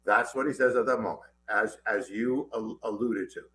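A middle-aged man, a guest author in an interview, telling a personal story in an animated, urgent way with many restarts. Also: on the low side, moderate pace, slight background noise.

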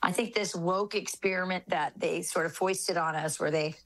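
A woman's voice: fairly low pitch, steady tone, normal speed, fairly bright tone, low-quality recording. A woman from the United States, speaking as an author guest in an interview, earnest and opinionated. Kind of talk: interview conversation.

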